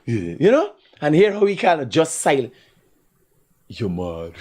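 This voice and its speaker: A husky, slightly high-pitched man with a Guyanese Creole accent talks a little fast while hosting a live stream. His commentary is loose and rambling, full of animated ranting and bursts of laughter.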